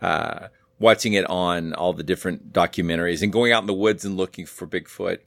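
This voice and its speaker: A man's voice: deep voice, a little fast, vocal fry, a bit bright, no room sound. A man hosting a podcast interview, chatting enthusiastically with frequent restarts. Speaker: podcast host. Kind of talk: casual interview chat.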